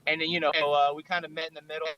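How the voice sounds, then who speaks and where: Videographer type, sharp bright tenor, loose rambling chat, dull lo-fi audio. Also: male voice, fairly high pitch, flat delivery, very fast. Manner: rambling storytelling full of "like". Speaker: videographer and director. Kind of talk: casual chat.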